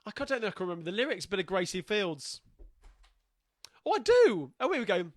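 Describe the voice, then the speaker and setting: A man's voice: high voice, very animated, fast talker. A man with a Cockney accent hosting a live-streamed sing-along, chatting cheerily and reading out song requests. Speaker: sing-along host and singer. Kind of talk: live-streamed chat between songs. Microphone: home live-stream mic. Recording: loud guitar playing along.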